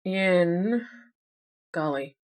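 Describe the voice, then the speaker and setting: A woman with a lowish, slightly mellow voice plays puzzle games on stream, drawing out her words in an animated way. She thinks aloud in casual, chatty commentary, wondering about solutions and tossing in self-deprecating asides.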